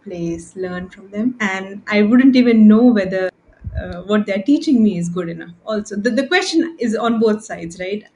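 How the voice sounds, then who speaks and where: A woman's voice: medium pitch, animated, moderate pace, darkish tone, low-quality recording. Indian english woman on a podcast, thoughtful casual chat, calls herself a nerd. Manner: thoughtful, self-described nerd.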